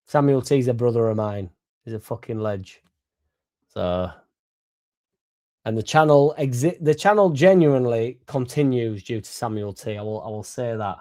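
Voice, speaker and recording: A young man rambles through a loose, sweary live chat about football, a little drunk and laughing as he goes. His voice sits warm and mellow at a middle pitch, and he trails in and out of focus. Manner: rambling, sweary and laddish, laughing between lines. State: a bit drunk. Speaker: fan channel host. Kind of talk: casual livestream chat.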